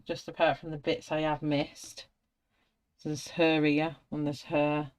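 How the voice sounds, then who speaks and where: Speaking in a low, flat way at a measured pace, a middle-aged woman with a British accent talks through her colouring as she does it. She's a colouring artist, friendly and chatty, narrating herself in casual conversation.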